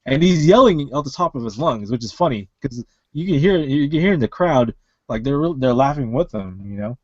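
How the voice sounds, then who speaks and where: A man's voice: medium pitch, animated, a little fast, no room sound, dull audio. A man co-hosting a casual wrestling podcast over an online call, rambling with many fillers and restarts. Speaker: podcast co-host.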